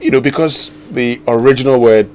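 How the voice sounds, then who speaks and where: A man hosting a radio morning show, chatty and quick to laugh, fond of debate. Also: mid-range voice, darkish tone, clear, resonant tone. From Ghana. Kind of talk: casual radio banter and segment hosting. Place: radio studio.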